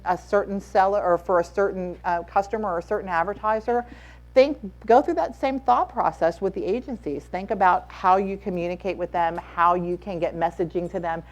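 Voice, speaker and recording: A woman speaking as a conference panelist, giving advice emphatically and repeating her key points. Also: fairly low pitch. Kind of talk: advisory panel talk. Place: conference room.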